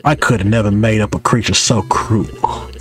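A man voicing a boastful old male cat who spins long, drawn-out tales of his battles. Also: lowish voice, fairly even intonation, fairly bright tone, close to an everyday voice. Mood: boastful storytelling.

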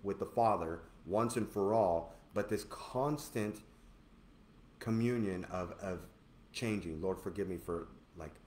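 Male co-host, low voice, earnest animated Bible teacher, roomy echo with a faint hiss. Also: measured pace. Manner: earnest, animated preacher who acts out voices. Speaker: co-host of a church teaching show. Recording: echoey room with faint noise.

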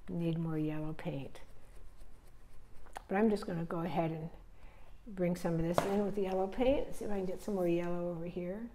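A woman teaching painting, relaxed and thinking aloud step by step as she paints. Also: fairly low pitch, normal speed, long pauses, a little hiss or hum. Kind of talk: narrating a live painting demonstration.

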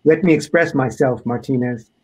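A man voicing a homeless man who speaks formally and insists on being heard, in a husky voice. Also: mid-range voice, normal speed, a little mellow, close to an everyday voice. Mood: pleading.

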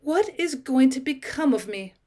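A woman's voice: high-pitched, sing-song, moderate pace. A woman reading the part of a distressed young wife stranded in the city, speaking in a pleading, insistent way. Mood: tearful.

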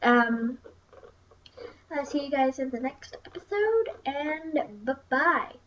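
A woman's voice: sits high, lively intonation, slow pace, background noise. A young woman casually commenting on browser games as she plays, chatty and wandering, with many ums. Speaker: gaming channel host. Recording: distant, dull lo-fi mic with faint music. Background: faint game music.

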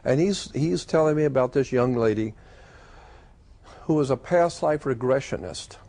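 A man telling a personal story in a casual, conversational way, pausing often with "uh" and "um". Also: medium pitch, lively intonation, creaky, dark tone. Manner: conversational, with frequent "uh" and "um" pauses. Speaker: storyteller recounting a personal experience.

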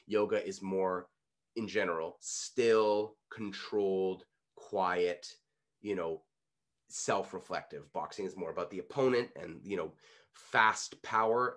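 A man in his thirties from Canada, coaching public speaking in an online workshop in an energetic, coaxing way, leading the listeners through exercises. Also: lowish voice. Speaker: pitch coach.

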